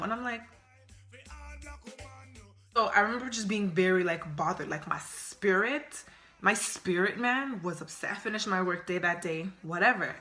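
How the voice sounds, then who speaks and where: A young woman in her twenties chats to camera about something that happened to her, expressive and loose with casual slang. Her voice is bright and forward, with a clear ring to it. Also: mid-range voice, fairly quick, soft background music. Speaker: storytime vlogger.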